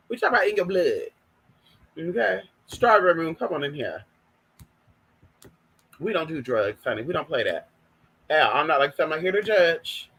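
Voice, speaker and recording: A woman's voice: on the low side, a bit bright, slightly rough. A woman from California, sassy, chatting casually to viewers on her live stream and calling everyone honey.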